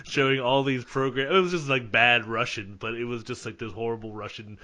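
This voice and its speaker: A man's voice: medium pitch, fairly even intonation, brisk, sharp tone. A man co-hosting a comedy podcast, chatting enthusiastically and laughing often. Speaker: podcast co-host. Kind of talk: casual chat.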